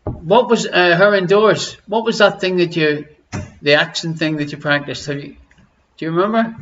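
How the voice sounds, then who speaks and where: Irish male host, chatty and teasing, fairly high voice, lo-fi home stream sound. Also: normal speed, a bit bright, slight background noise. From Ireland. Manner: chatty, teasing, greets viewers by name. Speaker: online quiz show host. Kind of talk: casual live-stream chat. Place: living room at home.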